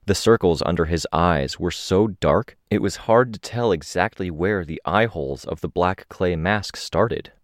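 A man narrating a first-person story in a steady, descriptive reading. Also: low-pitched, measured pace, hardly any pauses, no room sound, studio quality. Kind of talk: audiobook narration.

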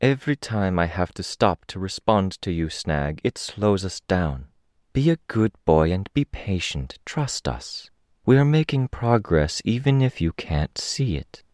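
A man reading the lines of a gentle, calm masked woman who speaks softly and patiently. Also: deep voice, measured pace, few pauses, clear, resonant tone, dry recording, studio quality. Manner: soft, patient, soothing.

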